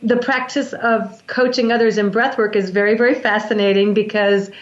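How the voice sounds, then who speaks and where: A woman's voice: mid-range voice, steady tone, normal speed. A woman, a breath work practitioner, earnestly explaining her practice in an interview, often restarting her sentences. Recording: echoey, dull lo-fi sound.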